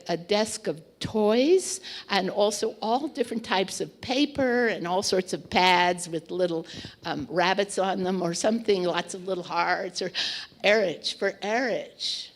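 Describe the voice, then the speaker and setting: A woman telling a memory in a casual, chatty way, with fillers and restarts, acting out quoted lines. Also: medium pitch. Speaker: storyteller recalling memories. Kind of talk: casual anecdotal storytelling.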